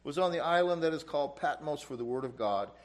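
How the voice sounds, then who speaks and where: A man's voice: a little high, animated, fast talker. Emphatic preacher man teaching scripture. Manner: emphatic, rising loud on quoted scripture. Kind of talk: expository Bible teaching.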